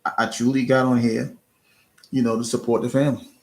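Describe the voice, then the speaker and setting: A man's voice: mid-range voice, flat delivery, a little fast, a little mellow. A man streaming live, giving casual, earnest encouragement to his chat, often restarting and repeating words. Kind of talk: casual motivational talk.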